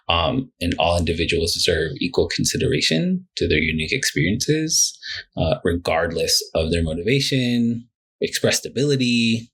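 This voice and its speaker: A male therapist talking casually on a podcast, animated, with many fillers and acted-out client quotes. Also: sits low, breathy edge. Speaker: therapist guest.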